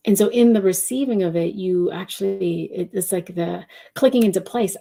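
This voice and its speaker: A woman giving an intuitive live-stream reading, speaking softly and directly to viewers, wandering between thoughts. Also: medium pitch, moderate pace, gravelly, few pauses. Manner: reads out viewer questions. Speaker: intuitive reader and channeler.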